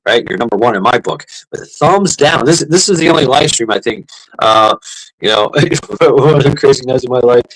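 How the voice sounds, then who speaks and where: A middle-aged man chats loosely on his livestream, cursing, stumbling over repeated words and laughing. His voice is somewhat high and swings widely in pitch as he talks. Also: fairly bright tone, poor audio. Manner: profane, rambling, laughs often, repeats words. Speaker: livestream host. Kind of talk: casual livestream chat.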